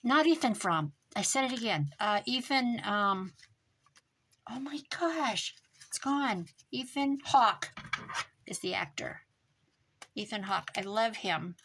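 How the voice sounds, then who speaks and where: A woman making a craft journal, chatting casually as she works and muttering to herself with quick self-corrections. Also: mid-range voice, lively intonation, fairly bright tone, slight background noise. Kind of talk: casual crafting vlog, talking while working.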